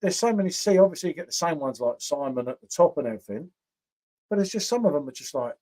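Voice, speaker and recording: A man's voice: fairly high pitch, lively intonation, fast, mellow. A man hosting a casual beer review livestream, chatting with viewers by name and tagging questions onto his sentences. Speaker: beer review channel host.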